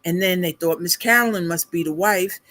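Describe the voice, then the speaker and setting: A middle-aged woman hosting a casual livestream, telling a family story in a chatty, animated way, laughing along and calling her viewers y'all. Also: on the low side, normal speed. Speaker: beauty consultant livestream host.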